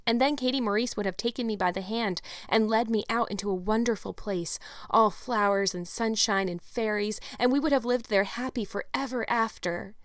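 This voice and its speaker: A woman's voice: on the high side, normal speed, no room sound, clean studio sound, lightly acted. A woman reading a dreamy, chattering orphan girl. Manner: gushing, imaginative, breathless run-on chatter. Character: dreamy talkative orphan girl, about eleven. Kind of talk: audiobook character reading.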